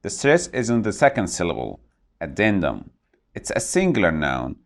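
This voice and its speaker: A man with a fairly low voice runs an English vocabulary lesson, his pitch swinging up and down as he explains. He says each new word slowly and repeats it so learners can copy the pronunciation. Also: wildly swooping pitch.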